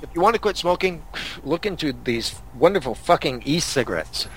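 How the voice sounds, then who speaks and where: A man's voice: fairly high pitch, animated, brisk, fairly bright tone, slight background noise. A man from Canada hosting a podcast, telling angry road-rage stories in a profane, casual rant. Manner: angry, swearing storyteller. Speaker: podcast host.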